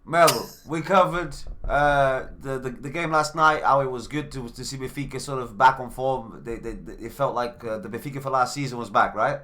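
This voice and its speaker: Bright-voiced male co-host steering chat. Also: medium pitch. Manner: steers the talk, quick repeated interjections. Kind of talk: casual live-stream chat.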